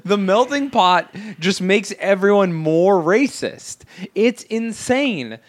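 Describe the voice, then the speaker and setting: A young man in casual chat, telling stories in an animated, swearing, jokey way. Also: high voice, slow pace, no echo.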